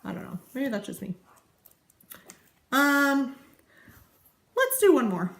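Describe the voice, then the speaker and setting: Casting: woman, 30s, rambling vlogger voice, a bit high, roomy echo. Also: sing-song, slow, creaky. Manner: chatty, rambling, easily sidetracked. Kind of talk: casual chat to camera. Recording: echoey room.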